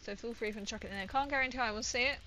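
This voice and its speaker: A woman's voice: a little high, rapid-fire, pushed and bright, a little hiss or hum, low-quality recording. A woman streamer chatting casually and rambling as she plays a game, laughing often and reading out viewer comments. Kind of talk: casual livestream chat while gaming.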